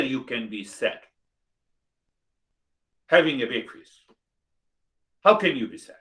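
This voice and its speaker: An older man with an Indian English accent leads a spiritual lesson. He presses his points with repeated rhetorical questions at a medium pitch. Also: big pitch swings, slow pace, long pauses, fairly bright tone, rough recording. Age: 60s. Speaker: spiritual teacher. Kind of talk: spiritual talk.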